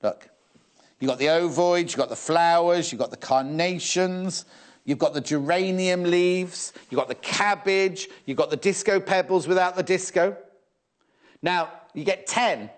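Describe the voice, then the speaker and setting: Hosting a live TV-studio sewing shopping show, a middle-aged man from England speaks at a measured pace in a voice that sits high. He chats steadily, fusses over the fabrics out loud and reads viewers' messages.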